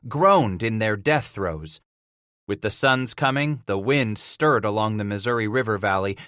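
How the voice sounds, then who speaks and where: Brief: male narrator, bright clear tone, dry close sound, measured delivery. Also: medium pitch, dry recording. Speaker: audiobook narrator. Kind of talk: dramatic audiobook narration.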